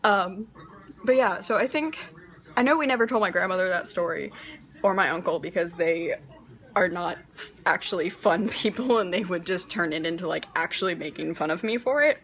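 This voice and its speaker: A woman's voice: lowish voice, normal speed, fairly bright tone. A young woman casually telling a personal story about herself, self-mocking and rambling, laughing often. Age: young adult.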